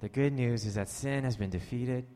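Preaching in a large hall, a man with a mid-range voice speaks at a normal pace. As pastor, he weaves scripture and stories together conversationally, tossing jokey asides to the congregation and becoming more animated when he jokes.

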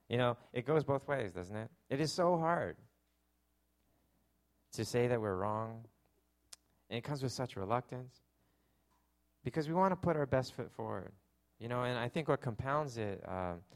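A young adult man with a medium-pitched voice and lively intonation speaks fairly quickly. He's a pastor preaching a conversational sermon full of jokes, self-deprecating humor, and plenty of fillers.

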